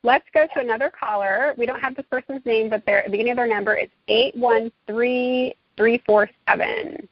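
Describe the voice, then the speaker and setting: Woman radio co-host, husky and gravelly, brisk, dry lo-fi line. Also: a little high, fairly even intonation, dry recording. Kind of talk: call-in radio hosting.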